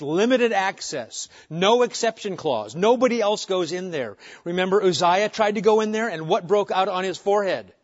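A pastor preaches a sermon, firing question after question at his listeners and shifting between loud emphasis and soft pleading. His voice is high-pitched, and the recording sounds muffled and lo-fi.

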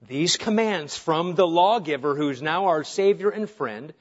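A man's voice: on the high side, animated, a little slow. Earnest preaching man, lo-fi sound. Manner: earnest, emphatic preaching with rhetorical questions. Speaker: pastor. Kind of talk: sermon. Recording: dull lo-fi sound.

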